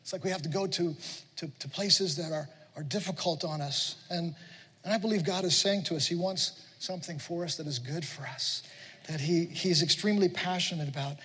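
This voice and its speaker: A man preaching a sermon in a church, telling lively stories and acting out voices. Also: on the high side, brisk, breathy edge. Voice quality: animated storytelling with playful voices. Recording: echoey hall.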